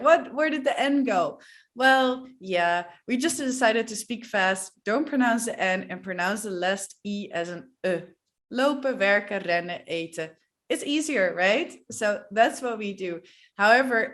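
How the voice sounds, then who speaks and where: A woman with a Dutch accent, a native Dutch speaker, teaching pronunciation in a playful, demonstrative way and repeating example words slowly. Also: medium pitch. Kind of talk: pronunciation lesson to camera.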